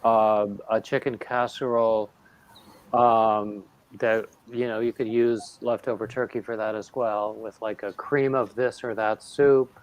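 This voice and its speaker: A man's voice: lowish voice, flat delivery, a little slow. A man hosting a casual livestream chat, rambling, with lots of fillers and restarts. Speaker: livestream host.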